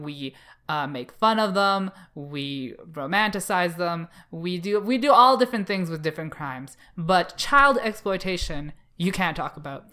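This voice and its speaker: A woman's voice: on the low side, bright, forceful tone. A young woman co-hosting a podcast, debating in a blunt, sarcastic, loose way. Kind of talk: casual debate chat.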